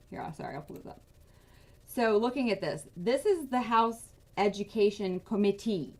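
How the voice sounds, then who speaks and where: A fired-up woman with a twang rants through casual political commentary, her voice sitting at an ordinary middle pitch. She vents in quick, agitated bursts, talking straight to her viewers. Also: animated, a little mellow. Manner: agitated, venting, rapid bursts of outrage. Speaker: political advocacy vlogger.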